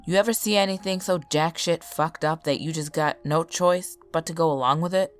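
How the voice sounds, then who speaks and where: A woman voicing a weary, haunted drifter man who talks in a flat, even way, in a spoken horror story. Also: sits low, normal speed, soft background music, close to an everyday voice. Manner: flat, even, burdened delivery.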